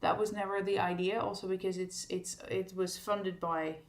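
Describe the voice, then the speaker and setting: A woman singer hosting a casual livestream for her fans, chatting easily, laughing often and filling pauses with ums. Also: mid-range voice. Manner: relaxed and chatty, laughs often, many fillers. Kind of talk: casual livestream chat reading viewer comments. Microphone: streaming setup at a desk.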